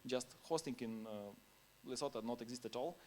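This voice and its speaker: This conference speaker, a man using English as a second language, keeps his talk informal and anecdotal, chuckling now and then between ideas. He has a mid-range voice and moderate pace, with a bit of background noise.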